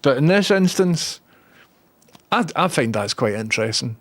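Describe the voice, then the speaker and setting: A man with a Scottish accent streaming online, chatting casually, reading viewer comments and telling animated anecdotes. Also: medium pitch, normal speed. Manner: animated storyteller acting out others' lines. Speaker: Twitch streamer.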